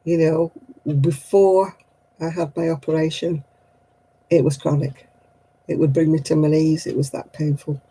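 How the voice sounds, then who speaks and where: A woman's voice: sits low, level tone, unhurried, long pauses, warm tone, breathy edge, low-quality recording. A woman hosting a craft livestream, chatting casually, laughing often and acting out other people's voices. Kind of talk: casual chat.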